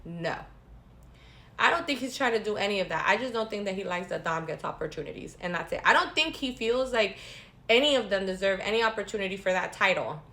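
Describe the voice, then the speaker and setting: A woman talking casually and gossipily as a vlogger, animated and repeating phrases for emphasis, with sarcastic asides. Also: medium pitch, a little fast. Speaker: wrestling recap vlogger. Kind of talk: casual chat.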